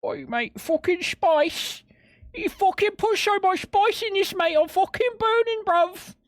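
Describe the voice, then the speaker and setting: A man putting on the voice of an irate British bloke burning from spicy food, swearing and squealing high. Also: unhurried. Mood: outraged. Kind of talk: comic put-on voice on a live stream.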